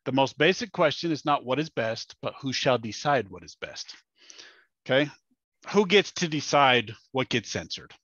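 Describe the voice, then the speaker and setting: A man's voice: medium pitch, animated, normal speed, fairly bright tone, no echo. A man co-hosting a podcast, pressing his views bluntly and insistently in a casual debate. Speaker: podcast co-host. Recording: dull dry recording.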